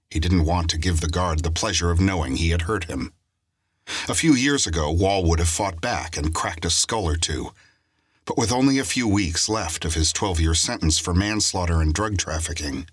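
A man reads a crime story aloud in steady, scripted audiobook narration. His voice sits very low with a husky grain. The sound is dry and close. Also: no room sound.

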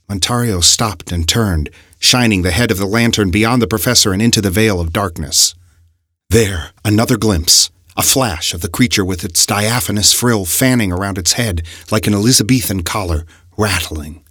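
A man narrating an audiobook story with expressive, dramatic delivery. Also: on the low side, slightly rough, no room sound, studio quality.

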